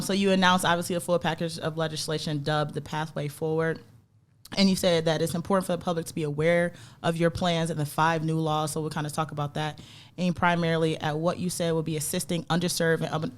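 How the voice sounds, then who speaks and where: A woman's voice: low-pitched, quick pace. A woman co-hosting a podcast in casual chat, friendly and reading out notes to introduce a guest. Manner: friendly, reads from notes at an even pace. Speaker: podcast co-host.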